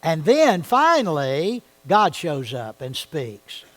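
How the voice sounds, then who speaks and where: A man leads a Bible study in a church. His voice sits a little high for a man. He talks in a conversational way and keeps checking in with his listeners. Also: huge pitch swings, takes it slowly, fairly bright tone, poor audio. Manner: conversational, asks the audience questions.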